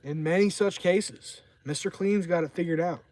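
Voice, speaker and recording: A man's voice: high voice, moderate pace, a little mellow, slight background noise. A tipsy man streaming live outdoors by a campfire, talking in a rambling, profane, casual way. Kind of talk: casual livestream chat.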